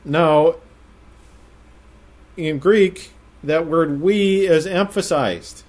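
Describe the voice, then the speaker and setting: Male Bible teacher, slightly higher voice, measured explanatory delivery, leans on key phrases. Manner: measured, explanatory, slows to stress quoted phrases.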